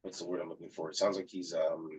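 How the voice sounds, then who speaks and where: A man with a low, husky voice tells a story from his work at a yeshiva. He shares it in relaxed conversation and slips into the voices of the people he quotes, so the telling stays lively. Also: fast, poor audio. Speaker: yeshiva staff member.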